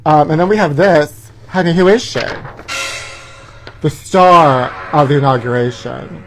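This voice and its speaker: A man's voice: fairly high pitch, a little slow, soft background music. A man hosting a live gossip show from his parents' house, talking in a sassy, campy way and calling everyone honey.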